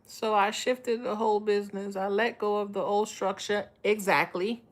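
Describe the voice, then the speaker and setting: A woman's voice: medium pitch, fairly even intonation, normal speed. A woman, giving a live-stream tarot reading in a blunt, profane, streetwise way. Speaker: tarot reader.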